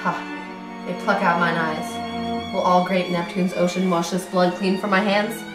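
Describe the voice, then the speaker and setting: A haunted Scottish nobleman, anxious and tormented, declaiming verse intensely, as a woman plays him. The voice rings through a very echoey room with clear music underneath. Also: lowish voice, level tone, measured pace, natural voice. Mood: despairing. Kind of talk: stage acting of verse drama.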